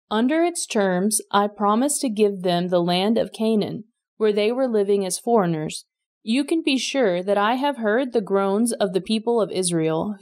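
A woman reading a Bible passage aloud in a steady, measured way. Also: medium pitch. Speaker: scripture reader.

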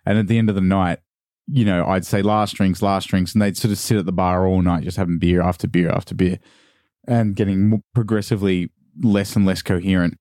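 A man's voice: low-pitched, fairly even intonation, fairly quick, dark tone, dry recording, clean studio sound. A young Australian man chatting casually on a podcast, who likes slipping into put-on posh voices while telling stories. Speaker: podcast guest. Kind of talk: casual chat.

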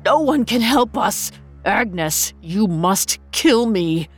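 A woman's voice: medium pitch, expressive, takes it slowly, breathy edge. Lady doing a desperate tormented doctor guy, pleading, music faint under it. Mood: anguished. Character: anguished gentle man, a tormented doctor.

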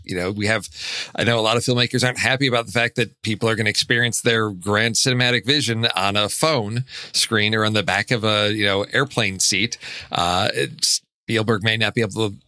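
Movie podcast guy, bright forceful voice, rambly, lots of restarts, dead dry sound. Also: on the low side, steady tone, fairly quick, no echo. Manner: rambling, restarts, frequent laughs. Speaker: podcast co-host. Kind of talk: casual movie chat.

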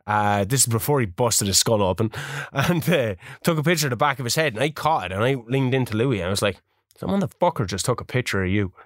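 A man's voice: animated, fast, dry recording, studio quality. A man, a radio presenter co-hosting a podcast, telling sweary, laughing anecdotes. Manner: swearing, laughing anecdotes, drops low for asides. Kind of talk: casual chat, anecdote telling.

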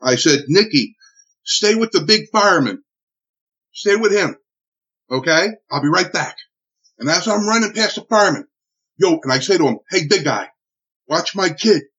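A man recounting a personal ordeal in an interview, animated and full of restarts and acted-out quotes. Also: high voice, normal speed, long pauses, breathy edge. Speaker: interviewee telling a personal story. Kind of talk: emotional spoken recollection. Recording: dull lo-fi recording.

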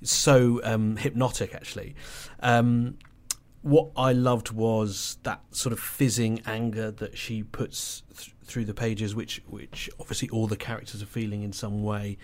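A man on a podcast panel talking over a novel, halting and restarting often as he thinks aloud. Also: fairly low pitch, flat delivery, darkish tone. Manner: halting, with many restarts and fillers. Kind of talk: casual book club discussion.

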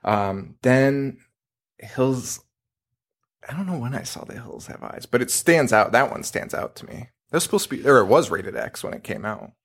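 A man's voice: mid-range voice, moderate pace, slightly rough. A man hosting a podcast in casual chat, joking and laughing as he talks. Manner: laughing, animated, trails off. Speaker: podcast host.

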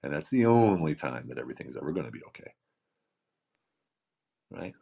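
A man's voice: extremely low pitch, big pitch swings, very fast, vocal fry, warm tone. A middle-aged man giving emphatic motivational podcast talk, full of repetition and rhetorical questions. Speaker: founder of a coaching program, podcast guest.

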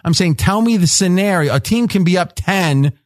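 A man hosting a sports betting roundtable, pressing the others with rapid-fire questions and often cutting in. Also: high voice, animated, no echo, studio quality. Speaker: host.

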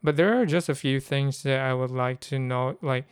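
Smooth-voiced man musing aloud. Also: medium pitch, moderate pace, no room sound, clean studio sound. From Philippines. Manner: rambling, thinking aloud with many fillers. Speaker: podcast host. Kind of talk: casual solo podcast talk.

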